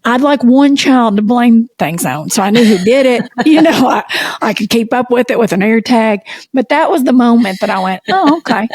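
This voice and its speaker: Southern woman co-host, spins lively folksy yarns, dead-dry mic sound. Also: fairly high pitch, normal speed, breathy edge, dry recording. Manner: animated, folksy storyteller. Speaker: podcast co-host. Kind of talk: casual storytelling chat.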